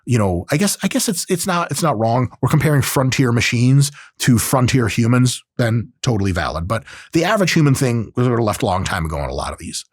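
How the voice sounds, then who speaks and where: A man's voice: medium pitch, no room sound, clean studio sound. A man hosting a podcast, talking casually about technology and acting out quoted voices with profane asides. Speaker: podcast host.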